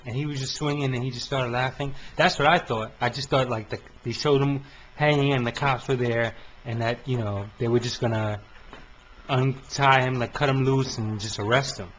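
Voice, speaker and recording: A man chatting as a guest on a casual film podcast, animated and joking. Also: medium pitch, moderate pace, slight background noise. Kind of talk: casual film review chat. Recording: dull lo-fi amateur podcast recording.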